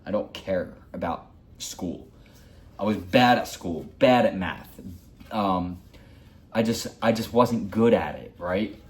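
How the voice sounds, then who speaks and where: Low-voiced man in his forties. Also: slow. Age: 40s. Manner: rambling, heartfelt, repeats himself. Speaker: hockey vlogger. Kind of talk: personal storytelling.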